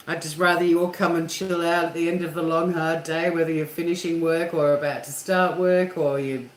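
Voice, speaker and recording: A woman hosting a casual live chat with viewers, talking candidly and swearing freely. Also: fairly low pitch. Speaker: livestream host. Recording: echoey room with faint hum.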